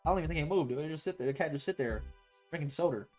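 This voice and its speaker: A man's voice: fairly high pitch, very fast, over music. A young man chatting casually with his viewers while playing, rambling and slangy. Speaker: streamer. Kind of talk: casual gaming stream chat.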